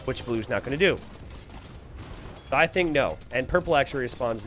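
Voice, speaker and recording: A man's voice: mid-range voice, brisk, pauses often. A man commentating a strategy game live on stream and reading the chat aloud. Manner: animated, reads viewer chat aloud.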